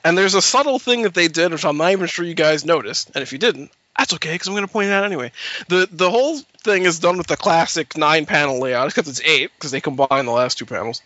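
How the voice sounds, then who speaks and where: A man hosting a casual podcast about comics, animated and quick to laugh. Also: a little high, no room sound, lo-fi sound. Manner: animated, laughs often, does quick voices in anecdotes. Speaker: podcast host.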